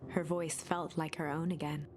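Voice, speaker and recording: A woman narrating a storybook game in a soft, hushed, often whispered delivery, with game music behind her. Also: low-pitched, flat delivery, normal speed, lightly acted.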